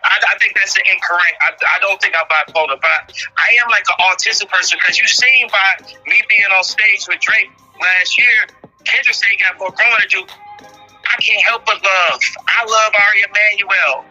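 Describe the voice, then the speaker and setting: A man's voice: sits high, normal speed, sharp tone, lo-fi sound, faint music behind. A man talking casually in an online audio room, rambling and breaking into long laughing fits. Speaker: guest speaker. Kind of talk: casual chat.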